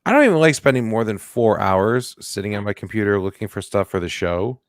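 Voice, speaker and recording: A man co-hosting a comedy news podcast in casual chat, jokey and goofy with animated bursts. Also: fairly low pitch, fairly quick, no room sound, clean studio sound. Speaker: podcast co-host.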